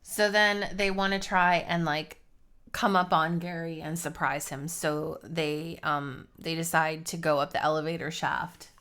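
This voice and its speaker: A woman's voice: sits low, fairly even intonation, unhurried, fairly bright tone, clean tone. A woman co-hosting a casual movie review podcast, giving emphatic, blunt opinions. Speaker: podcast co-host.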